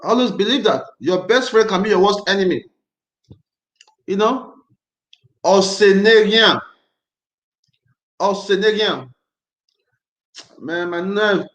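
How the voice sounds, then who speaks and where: A man's voice: high voice, unhurried, pauses often, fairly bright tone. Agitated man in an echoey room. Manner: emphatic, repetitive, agitated. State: angry and tense. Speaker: livestream host. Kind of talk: casual livestream chat.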